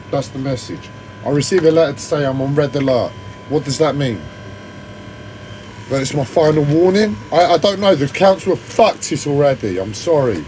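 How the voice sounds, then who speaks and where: A man's voice: on the high side, darkish tone, slight background noise, poor audio. A man in an agitated, rambling rant full of swearing, with a whiny voice and a strained throat. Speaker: livestreamer. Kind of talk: ranting monologue.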